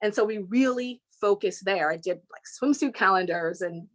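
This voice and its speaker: A woman, an interview guest from California, telling stories with lively voice imitations and quick pitch jumps. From Inglewood, California. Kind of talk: animated storytelling.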